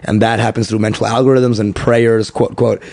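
A man, a stand-up comedian, chatting on a podcast in an animated way, swearing freely and tripping over his words. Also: on the low side, moderate pace, no room sound. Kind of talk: casual podcast conversation.

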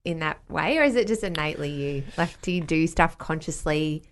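A woman's voice: sits low, animated, brisk. A woman hosting a podcast, asking reflective questions in a casual interview. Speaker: podcast host.

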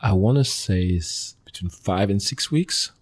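A man, a guest in an interview, telling his life story in earnest, halting fragments with many restarts. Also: low-pitched, animated, slightly rough. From Mali. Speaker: interview guest, former pro soccer player. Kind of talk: personal storytelling in a conversational interview.

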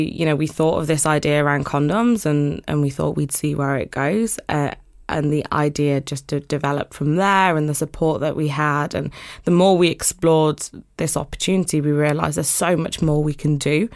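A woman's voice: low-pitched, normal speed. A young woman guest on a podcast, chatting casually and upbeat about her company, laughing now and then. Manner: upbeat, laughs often, many fillers. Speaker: podcast guest, condom brand co-founder. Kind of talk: casual interview chat.

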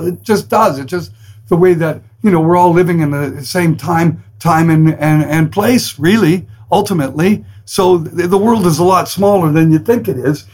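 A man's voice: high-pitched, low-quality recording. A man, a rock musician telling stories as a guest in an interview, acting out other people's lines and swearing freely. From Canada. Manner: animated storyteller who acts out quotes in different voices and swears freely. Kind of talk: storytelling in a podcast interview.

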